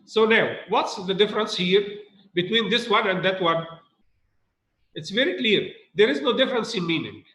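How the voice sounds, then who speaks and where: A man's voice: high voice, normal speed, a bit bright, roomy sound, low-quality recording. A male English teacher giving a recorded grammar lesson, repeating key points and asking students rhetorical questions.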